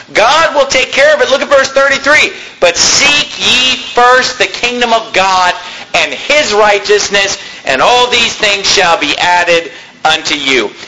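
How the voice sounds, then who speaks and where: A man preaching a sermon, reading old scripture slowly and then explaining it in plain, casual talk. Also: sits high, sharp tone, slight background noise, poor audio.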